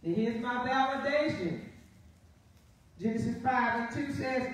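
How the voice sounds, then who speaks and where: High-voiced woman pastor preaching in echoey church. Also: expressive, slow pace, recorded from a distance. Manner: preaching, reading scripture aloud and often asking "Amen?". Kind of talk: sermon. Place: church sanctuary. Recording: very echoey live church feed from afar.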